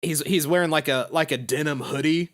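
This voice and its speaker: A man's voice: on the high side, a little fast, fairly bright tone. A young man hosting a podcast in casual chat, rambling through his points with lots of fillers and swear words. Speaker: podcast host.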